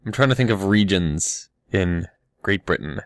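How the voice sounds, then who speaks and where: A man's voice: low-pitched, animated, moderate pace. A man co-hosting a casual podcast, hesitantly mulling over his guesses. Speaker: podcast co-host.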